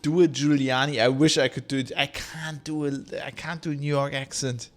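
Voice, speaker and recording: A man's voice: medium pitch, fairly even intonation, fairly quick, gravelly. A man streaming a video game, rambling, joking and reading game text aloud. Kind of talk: casual let's-play commentary.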